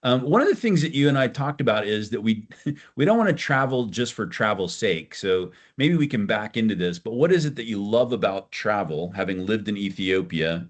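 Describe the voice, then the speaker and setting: A middle-aged man co-hosting a podcast, speaking in a warm, reflective way and prompting his son with questions. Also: fairly low pitch. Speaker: podcast co-host, father. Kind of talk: casual conversation.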